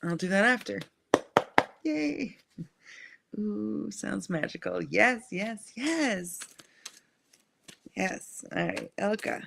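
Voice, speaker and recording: A woman hosting a live angel card reading, speaking in a gentle, soothing and affirming way. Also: mid-range voice, expressive, takes it slowly, creaky, pauses often, noisy background. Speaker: angel card reader and live stream host.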